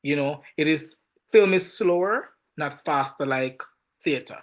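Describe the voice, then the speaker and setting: Jamaican man, film director, podcast guest; slightly high voice, lively emphatic storyteller who repeats himself. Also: unhurried. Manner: animated, emphatic storytelling with frequent word repeats. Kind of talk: casual podcast interview.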